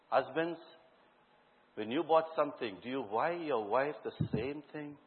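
A man preaching a sermon to a congregation, asking them questions and telling lively stories from his own life. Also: mid-range voice, slight background noise. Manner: questions the congregation directly and tells lively anecdotes. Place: church hall before a congregation. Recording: echoey hall, tinny phone-like sound.

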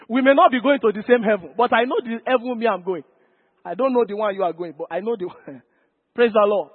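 A pastor preaches with emphasis and keeps calling out to his congregation. His voice sits very high for a man. The recording is thin and phone-like, with a long reverb trailing off each phrase. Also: fairly quick. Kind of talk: sermon.

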